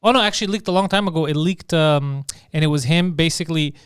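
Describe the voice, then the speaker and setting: A man's voice: on the high side, quick pace, fairly bright tone, clean tone, no echo, studio quality. A man co-hosting a comedy podcast, chatting casually and loosely, swearing and acting out quotes in put-on voices. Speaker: podcast co-host.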